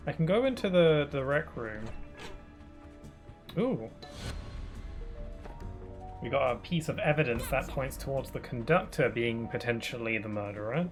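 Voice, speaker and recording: A man's voice: mid-range voice, lively intonation, unhurried, long pauses. A male streamer chatting casually over his gameplay. He rambles and restarts, filling gaps with little fillers. Game music plays faintly behind him.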